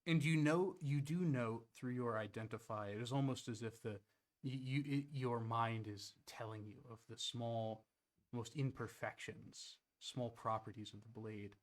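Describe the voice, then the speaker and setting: A man's voice: mid-range voice, a little slow. A man narrating as game master of a tabletop game, casual and hesitant with fillers.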